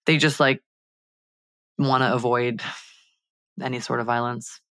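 A woman's voice: rumbling low, steady tone, a little slow, a bit bright, dry recording. Chatty young woman telling a heated story. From Miami. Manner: heated storytelling, many "like" fillers. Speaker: podcast co-host. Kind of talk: casual podcast chat.

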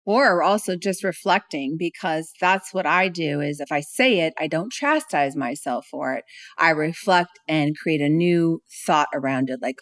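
A woman speaker and author, a guest on a podcast, talking lively and acting out little quoted phrases. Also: moderate pace, dry recording, studio quality. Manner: lively, acts out little quotes with jumps in pitch. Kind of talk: conversational interview.

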